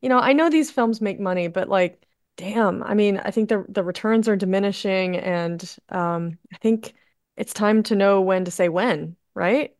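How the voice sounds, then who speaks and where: A woman's voice: medium pitch, moderate pace, darkish tone. A woman co-hosting a podcast, chatty and agreeable in casual conversation. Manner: agreeable, chatty, laughs easily. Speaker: podcast co-host. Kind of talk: casual chat.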